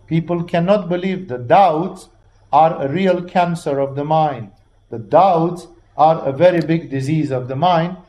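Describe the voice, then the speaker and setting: Man preaching in blunt, animated style. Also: fairly high pitch. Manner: animated, acts out voices of biblical figures, blunt and profane. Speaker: religious teacher. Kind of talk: informal sermon on the Gospel.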